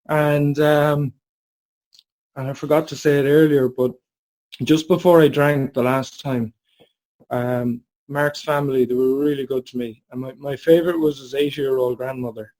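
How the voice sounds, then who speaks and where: Forties guy telling his story on a video call, animated, swears casually, voice on the high side. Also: poor audio. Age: 40s. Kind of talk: personal storytelling.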